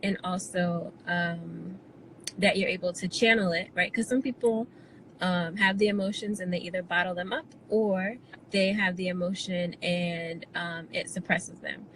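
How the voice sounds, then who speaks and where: A woman hosting an interview show, asking questions in a measured, supportive way with frequent ums. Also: on the low side, steady tone, fairly bright tone, poor audio. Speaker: show host. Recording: faint background noise.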